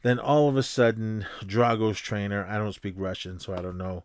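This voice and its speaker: At normal speed and with a voice on the low side, a podcast host casually recaps a movie, rambling through one scene with lots of fillers and restarts. He animatedly acts out the punches with sound effects, and the recording is dry and studio quality.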